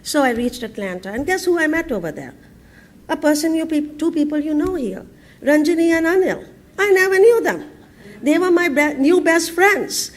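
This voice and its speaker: An entrepreneur from India tells a humorous story to an audience from a conference stage. Her fairly high voice moves at normal speed, and she's lively, laughing often and filling her speech with fillers, breaking off and restarting sentences.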